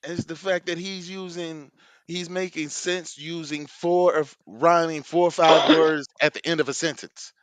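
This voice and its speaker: Male podcast co-host, slightly high voice, insistent and profane, dry close sound. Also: steady tone, measured pace, fairly bright tone, dry recording. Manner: insistent, restarts mid-thought, profane. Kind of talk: casual debate about rap lyrics.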